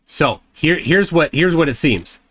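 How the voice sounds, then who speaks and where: A man's voice: fairly high pitch, expressive, a little slow, fairly bright tone. A man hosting a live show, arguing bluntly and sarcastically in a heated debate, often talking over the other person.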